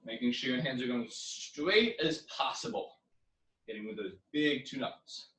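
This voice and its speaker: A young man teaching a home karate class, coaching drills and counting moves with loud yells. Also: medium pitch, expressive, normal speed. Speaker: karate instructor. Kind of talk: online exercise class. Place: living room. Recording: echoey room, far from mic.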